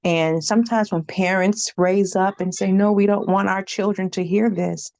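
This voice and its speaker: A woman in her fifties, a childcare provider, slowly and hesitantly sharing her family history during an online workshop on a video call. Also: mid-range voice, steady tone, gravelly, a little mellow, no room sound. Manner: slow, hesitant, reflective.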